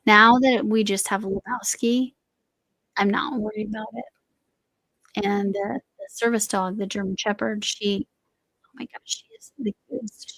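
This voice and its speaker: Middle-aged woman, crochet stream host, gravelly and dry, chatty, voice a bit worn. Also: medium pitch, a bit bright, no room sound, low-quality recording. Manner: rambling, chatty, trails off and restarts. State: voice slightly going. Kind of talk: casual chat while crocheting.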